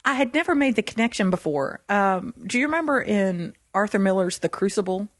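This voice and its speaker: A woman co-hosting a Christian podcast, talking in an animated way and laughing often. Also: mid-range voice, fairly quick, dry recording, studio quality. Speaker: podcast co-host.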